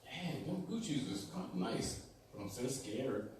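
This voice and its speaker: A man's voice: medium pitch, animated, unhurried, darkish tone, distant mic, slight background noise, close to an everyday voice. A man putting on a scared young girl's voice, echoey room. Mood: timid wistful. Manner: scared, wistful. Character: timid young girl lost far from home.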